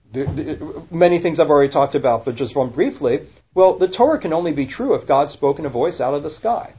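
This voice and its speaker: A man's voice: a little high, mellow, a little hiss or hum. A man, a rabbi, talking casually and animatedly, firing rhetorical questions and correcting himself mid-sentence. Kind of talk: casual podcast discussion. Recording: dull lo-fi recording.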